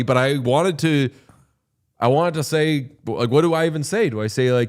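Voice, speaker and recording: A man's voice: a little high, moderate pace. Swearing man telling rambling stories. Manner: rambling storytelling, heavy swearing. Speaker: podcast co-host. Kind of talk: casual chat.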